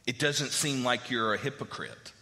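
Bright-toned preacher man in a reverberant church. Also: mid-range voice, moderate pace. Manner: conversational preaching with fillers and repeated phrases. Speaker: pastor. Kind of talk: sermon.

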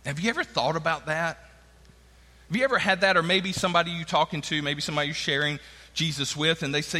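A man's voice: on the high side, a little fast, sharp tone, in a large hall. A man preaching a sermon in a conversational way, acting out the quoted lines of the people in his stories. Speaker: pastor.

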